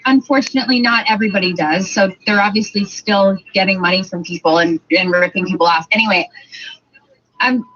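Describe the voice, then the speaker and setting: A woman's voice: mid-range voice, fairly quick, fairly bright tone. A woman, telling playful anecdotes in casual chat and acting out the voices she quotes. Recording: dull lo-fi sound with faint hiss.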